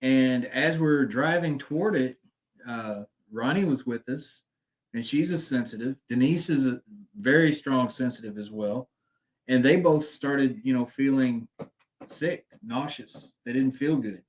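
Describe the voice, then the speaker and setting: A man's voice: mid-range voice, measured pace. A man hosting and recounting an outing in an easygoing, conversational way. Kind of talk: casual chat.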